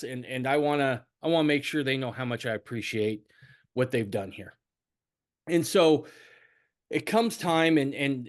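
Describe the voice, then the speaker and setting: A middle-aged man hosting a podcast, telling a family story in casual conversation, repeating words and rambling. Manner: rambling, repeats words, animated swings in pitch. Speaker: podcast host.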